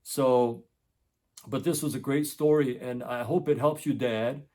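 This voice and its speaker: In a casual monologue on his education channel, a middle-aged tutor tells a story and earnestly repeats his points for emphasis. He has a mid-range, warm voice with a steady tone and a measured pace.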